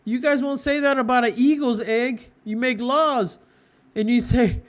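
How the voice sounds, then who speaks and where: A man's voice: extremely high pitch, moderate pace. A man preaching with fervent conviction, hammering home short repeated phrases. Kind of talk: impassioned moral preaching.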